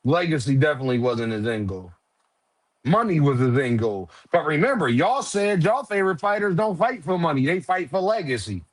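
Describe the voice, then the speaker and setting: Man, stream host, casual boxing chat, slightly high voice, profane, teasing. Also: sing-song, a little fast. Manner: loose, profane, teasing, shouting out viewers. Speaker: livestream host.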